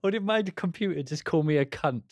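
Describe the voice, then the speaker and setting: A man's voice: a little high, lively intonation, a little fast, no room sound, studio quality. A young man chatting casually on a live stream, giggling and swearing as he talks to himself while he works.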